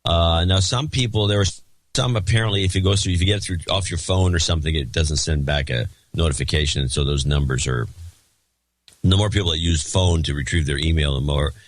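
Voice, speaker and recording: Man, podcast co-host, casual chat, low voice, sardonic, emphatic, dry sound. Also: fairly quick, no room sound.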